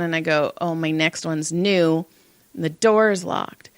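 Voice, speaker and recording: In a relaxed podcast chat, this woman co-host spins a story with lively energy, cursing openly while voicing other people's lines. Her voice sits lowish, she talks at a normal speed, and there's no echo.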